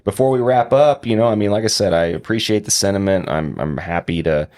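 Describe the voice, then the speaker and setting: A man hosting a podcast interview, relaxed and appreciative, talking loosely with fillers. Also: lowish voice, brisk. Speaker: podcast host. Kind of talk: casual interview chat.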